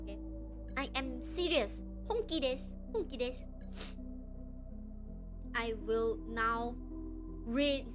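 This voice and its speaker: A young woman from Malaysia chatting casually on a live stream, excitable and often breaking into laughter. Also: high-pitched.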